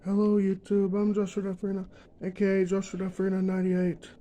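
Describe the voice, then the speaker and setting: A young man ranting in a vlog, emphatic and repetitive, filling pauses with uh and um. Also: sits high, monotone, warm tone, slight background noise, low-quality recording. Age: young adult. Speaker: vlogger.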